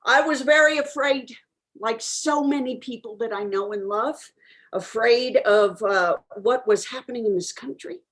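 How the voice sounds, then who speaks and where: A woman's voice: fairly high pitch, unhurried, a bit bright. A woman playing an eccentric self-declared medium who answers questions in a rambling, frank way, full of ums and uhs. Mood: earnest. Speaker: guest answering audience questions. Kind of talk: improvised character comedy.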